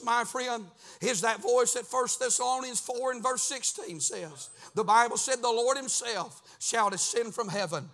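Preacher, man, high and bright, sing-song delivery rising to shouts. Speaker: pastor. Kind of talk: sermon. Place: church sanctuary.

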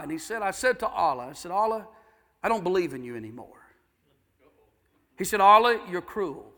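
A preacher man with a high, bright voice tells a story from the pulpit in a folksy, homespun way. He swings from hushed asides to fervent, ringing exhortation. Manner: folksy, builds to shouting fervor. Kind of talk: sermon storytelling.

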